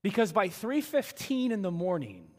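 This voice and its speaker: High-voiced male pastor in a hall. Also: normal speed. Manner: animated storytelling, swings from hushed to loud and emphatic. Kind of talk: storytelling sermon. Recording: reverberant church hall.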